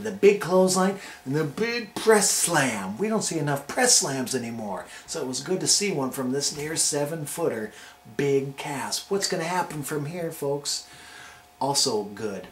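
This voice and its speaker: A man hosting a casual video review, talking in a hyped, playful countdown style. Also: on the high side. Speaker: wrestling show reviewer and host. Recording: roomy echo with faint noise.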